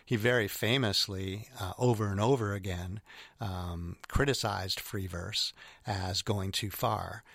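A man's voice: fairly low pitch, fairly even intonation, measured pace, creaky, a bit bright, dry recording. A man giving an informal lecture on poetry, hesitant with many ums and restarts. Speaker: literature lecturer.

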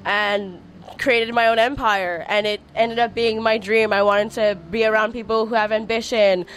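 Young woman, label founder, higher voice, giggly, chatty, lots of fillers. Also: little pitch movement, moderate pace, fairly bright tone, slight background noise. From Montreal. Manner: bubbly, giggly, filler-heavy with "like". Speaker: record label founder, guest. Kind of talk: casual radio interview chat. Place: crowded room with people.

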